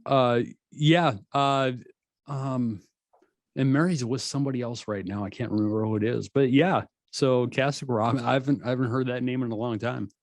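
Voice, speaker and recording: A man's voice: mid-range voice, fairly even intonation, dry recording. A man hosting a casual podcast chat, reacting briefly and stumbling over fillers when he tells his own stories. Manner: short reactions, halting with fillers. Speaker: podcast host.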